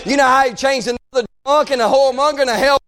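A man preaching a fervent sermon, often shouting and calling out amen. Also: very high voice, fairly even intonation, fast talker.

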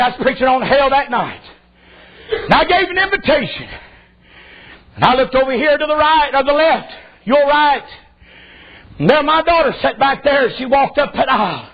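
A middle-aged man preaching a shouted revival sermon, fervent and rhythmic, repeating phrases. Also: very high voice. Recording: lo-fi church recording with congregation. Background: responding congregation.

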